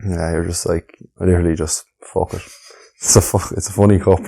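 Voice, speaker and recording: A man's voice: low-pitched, little pitch movement, fast talker, vocal fry, warm tone. A young Irish man, a podcast guest in a laid-back casual chat, often trailing off mid-sentence. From Ireland.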